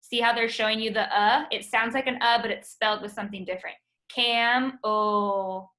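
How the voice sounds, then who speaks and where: A woman teaching a phonics lesson over a video call, slowly sounding out words for her students. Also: on the high side, steady tone, sharp tone. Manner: patient, drawn-out sounding of words.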